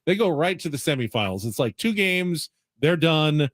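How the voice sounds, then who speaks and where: A man's voice: a little high, big pitch swings, moderate pace, a bit bright, dry recording. Man talking college hoops, studio-dry. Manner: explains at length, thinking aloud with restarts. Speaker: sports radio host. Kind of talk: sports radio chat.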